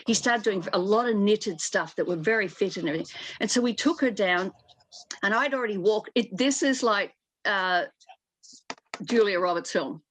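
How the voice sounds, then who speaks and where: A woman's voice: mid-range voice, normal speed, a little hiss or hum. An older woman, a costume designer, telling anecdotes as a guest in a casual interview over a video call, chatty with many restarts.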